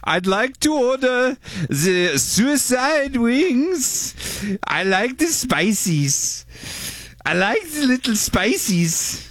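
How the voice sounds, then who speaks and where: A man doing an exaggerated mock German accent as a man ordering spicy wings, slow and drawn out. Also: very high-pitched, big pitch swings, a bit bright, dry recording, studio quality, voice pushed up, full character voice. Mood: hammy. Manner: slow, drawn-out, sing-song.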